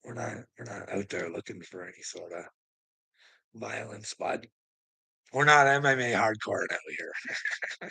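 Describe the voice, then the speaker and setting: A man's voice: on the low side, expressive, a little slow, gravelly, long pauses, bright, forceful tone, slightly rough, dry recording, rough recording. A man livestreaming, talking straight to his chat in a rambling, profane, preachy monologue, chuckling now and then.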